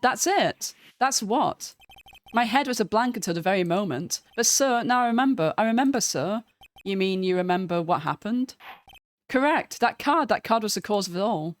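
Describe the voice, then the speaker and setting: A woman voicing a nervous, dramatic young male patrolman in a game read-through, with a high whiny voice that ends every line with sir. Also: close to an everyday voice.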